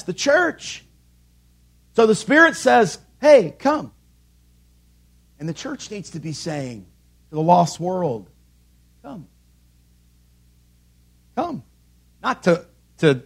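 A man with a high, husky voice preaches from a church pulpit. He presses his points with repeated calls and rhetorical questions, rising and falling as he drives each line home. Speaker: pastor. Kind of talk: sermon.

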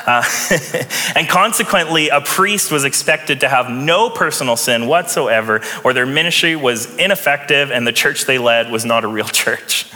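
Young man preaching, bright and ringing, relaxed and chatty, church reverb behind him. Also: medium pitch. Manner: conversational, chuckles often, light sarcasm. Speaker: pastor. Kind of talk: sermon. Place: church sanctuary.

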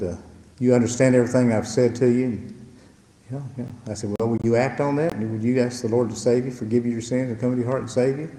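An older pastor tells a story to his church in an unhurried, folksy way. His voice is mellow and dark. It rings out in a roomy hall with a long, echoing reverb. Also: mid-range voice. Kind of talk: storytelling testimony to a congregation.

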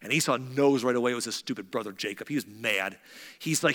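A man's voice: mid-range voice, normal speed, fairly bright tone, long reverb tail. A man preaching, casually retelling a Bible story with chatty asides. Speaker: pastor.

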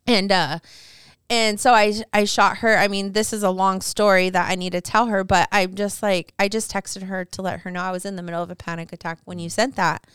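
A woman's voice: medium pitch, fairly even intonation, brisk, fairly bright tone, smooth, dry recording, studio quality. A woman guest on a faith podcast, telling a personal story in a casual, emotional, rambling way, full of fillers and restarts.

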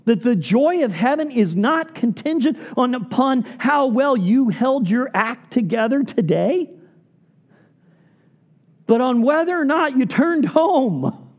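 Earnest pastor with lively swinging delivery. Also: male voice, takes it slowly, lo-fi sound. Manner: earnest, pleading, drops to soft low tones for emphasis. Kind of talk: sermon.

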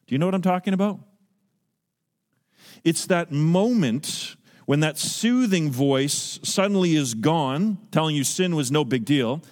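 A man's voice: a little high, animated, unhurried, darkish tone, in a large hall. A man preaching a sermon as pastor, earnest and emphatic, asking the listeners pointed questions. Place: church sanctuary.

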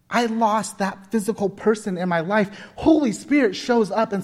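A man's voice: high-pitched, moderate pace, few pauses, darkish tone. A man in his forties preaching a sermon, telling personal stories with earnest, emphatic repetition. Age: 40s. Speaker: pastor. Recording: long hall reverb.

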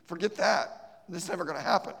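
A man's voice: sits high, fast talker, gravelly, a bit bright, in a large hall, voice pushed up, exaggerated voice. A preacher quoting a stubborn elderly woman who refuses to budge, in an emphatic and defiant manner.

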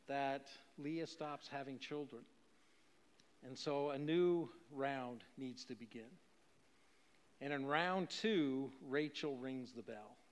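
A man preaching a sermon in a fairly high voice and an easy, conversational manner, asking his listeners rhetorical questions. His voice carries through a large hall with long reverb. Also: a bit bright. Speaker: pastor.

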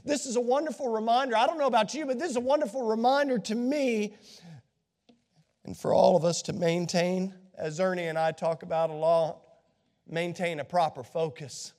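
Though under the weather with a scratchy throat, this high-voiced pastor delivers an impassioned sermon at a moderate pace, moving between whispers and shouts. He's in a big, echoing church sanctuary with long reverb.

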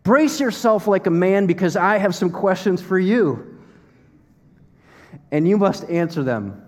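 Man doing god in a sermon, high and pushy, sarcastic questions, big echoey hall. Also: expressive, measured pace. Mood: challenging. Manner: forceful, mocking rhetorical questions. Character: almighty male God, challenging and sarcastic.

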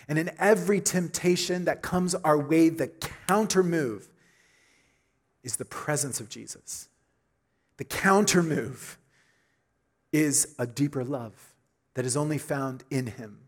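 A middle-aged pastor delivers a sermon in a husky voice pitched a bit higher than most men's. He preaches emphatically, pressing each point hard, repeating key phrases for weight and climbing to loud, ringing climaxes.

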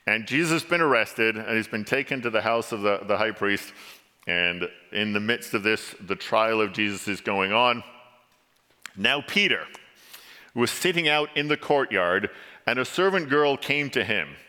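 A man born in England preaching a sermon with dramatic storytelling, rising to pleading and sinking to a somber hush. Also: on the low side, animated, moderate pace. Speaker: pastor. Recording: long hall reverb.

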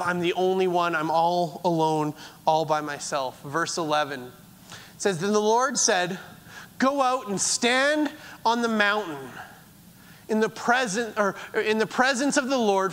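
High-voiced preacher in a reverberant hall. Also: male voice. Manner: earnest, halting with repeated words, trailing off softly at phrase ends. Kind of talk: sermon.

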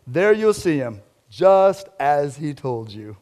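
Brief: a man playing a mellow, easygoing male angel, a touch higher than his usual voice, slow and unbothered. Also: big pitch swings. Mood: laid-back. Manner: laid-back, unhurried. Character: calm male angel at an empty tomb. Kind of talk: scripture reading with a put-on voice.

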